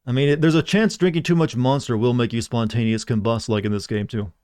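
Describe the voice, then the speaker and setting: A man streaming a video game who chats with his viewers in a quick, rambling, self-deprecating way. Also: mid-range voice, fairly even intonation, darkish tone, clear, resonant tone, dry recording, studio quality. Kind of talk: casual live-stream commentary.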